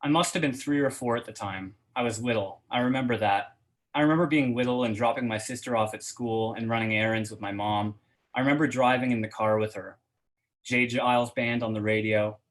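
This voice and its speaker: A man reading first-person fiction aloud at a reading event in a steady voice, hesitant and full of fillers when he chats. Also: mid-range voice, rough recording. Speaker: guest reader.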